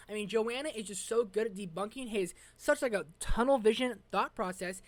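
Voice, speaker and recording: A woman giving a casual, slangy episode review as a vlogger, excitable and rambling. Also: medium pitch, brisk, no room sound.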